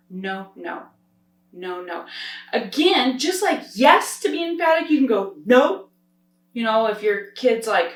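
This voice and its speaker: A woman sign language teacher explaining step by step in an upbeat, demonstrative way. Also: fairly high pitch. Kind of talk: instructional explanation. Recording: roomy sound, distant from the mic.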